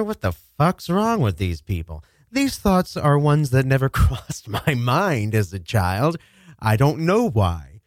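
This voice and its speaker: A man's voice: mid-range voice, big pitch swings, unhurried, no echo, clean studio sound. A man hosting a radio show, chatting casually with wry, incredulous and profane commentary. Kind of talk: casual chat.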